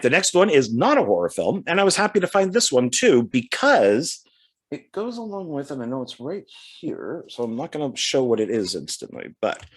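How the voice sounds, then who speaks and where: Man, casual DVD haul vlogger, chatty, lively up-and-down voice, reads synopses aloud. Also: mid-range voice, breathy edge. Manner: chatty, reads back covers aloud, trails off. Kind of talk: casual unboxing commentary.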